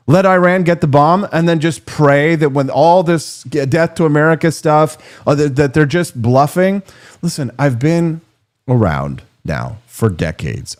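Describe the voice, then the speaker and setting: A man in his forties giving a sarcastic, comedic political monologue as a commentator. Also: on the high side. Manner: sarcastic, mocking.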